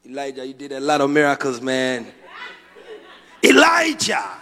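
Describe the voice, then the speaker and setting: A man preaching a sermon as a prophet, dramatic, swinging from quiet asides to shouted lines. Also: medium pitch, little pitch movement, fast talker, smooth. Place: large church hall. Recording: long hall reverb.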